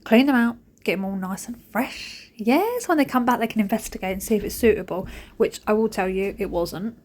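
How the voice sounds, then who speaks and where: A woman's voice: medium pitch, fairly quick, a little mellow. A woman in her thirties, a mother and vlogger, chatting cheekily and telling jokey stories while she cleans the house. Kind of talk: casual chat over cleaning footage.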